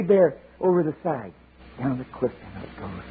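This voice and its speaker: A man preaching a sermon, telling a story in a folksy, animated way with chatty asides. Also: medium pitch, brisk, husky. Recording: tinny lo-fi sermon tape with hiss.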